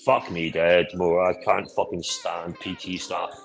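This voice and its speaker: A man's voice: sits low, fairly even intonation, takes it slowly, gravelly, noisy background. Swearing man, boisterous rambling. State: drinking. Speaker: podcast host. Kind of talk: casual pub-style chat with swearing.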